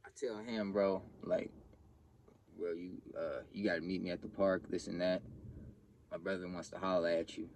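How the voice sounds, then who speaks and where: A man's voice: deep voice, steady tone, moderate pace, creaky, darkish tone, a little hiss or hum. A young man telling a personal story in casual, profane street slang, acting out the other people's lines. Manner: blunt, profane street slang, acts out quotes with raised voice.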